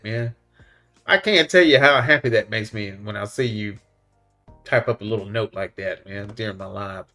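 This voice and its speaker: In an easygoing live-stream chat, a man reads comments aloud, chuckles frequently and calls folks "man" and "buddy." He speaks unhurriedly with frequent pauses, in a lowish, fairly bright voice, over quiet music.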